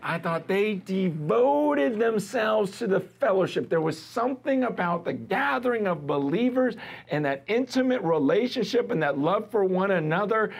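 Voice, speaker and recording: A middle-aged American man preaching a sermon in a conversational, lively way, with frequent fillers and restarts. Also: fairly high pitch. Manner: conversational, lively, laughs with the congregation. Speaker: pastor.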